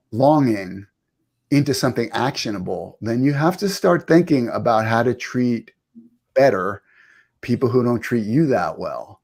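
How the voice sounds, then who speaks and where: A middle-aged man, a guest author, explaining ideas in a thoughtful, wry, measured way. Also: medium pitch, a little mellow. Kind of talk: reflective interview talk.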